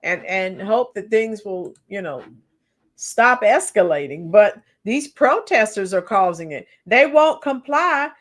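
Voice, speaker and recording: Hoarse, slow-talking woman streamer. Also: mid-range voice, lively intonation. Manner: opinionated, chatty, sings song snippets slowly. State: voice cracking and hoarse. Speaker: live-stream commentator reading chat. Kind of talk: casual political commentary livestream.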